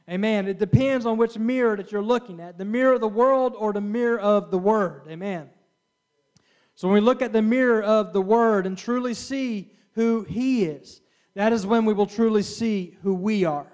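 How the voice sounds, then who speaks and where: A man's voice: high voice, moderate pace, a little mellow, clean tone. A middle-aged man preaching a sermon in an earnest way, often stopping for an amen and restarting his words. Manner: earnest, with frequent amens and restarts.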